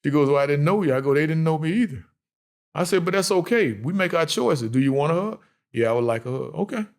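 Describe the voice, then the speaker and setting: A man's voice: a little high, quick pace. A man in his fifties, a basketball coach, telling stories earnestly in a candid interview. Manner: earnest, animated storytelling with casual speech.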